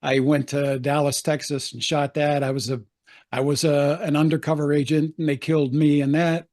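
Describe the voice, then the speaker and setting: A man's voice: fairly high pitch, level tone, moderate pace, a little mellow. An older man, an actor, telling anecdotes in a chatty interview, laughing often and acting out the voices he quotes. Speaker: actor guest.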